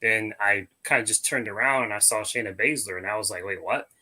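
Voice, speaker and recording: A man with a very bright, sharp voice chats loosely on a podcast. He rambles, fills gaps with ums and uhs, and restarts his sentences. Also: lowish voice, fairly quick, poor audio. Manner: rambling, hesitant, many fillers. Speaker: podcast co-host. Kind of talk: casual chat.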